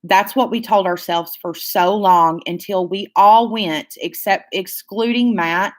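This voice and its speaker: A woman's voice: mid-range voice, unhurried. A young woman hosting her own channel, telling a story in casual, profane chat, full of "like"s. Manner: profane, animated storytelling with many "like"s. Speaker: channel host.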